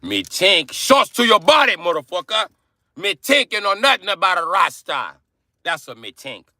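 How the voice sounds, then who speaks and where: A high taunting Jamaican voice. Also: male voice, big pitch swings, normal speed, bright, forceful tone, no room sound, heavily acted. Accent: put-on Jamaican. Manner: taunting, sing-song, cursing. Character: brash mocking Jamaican man.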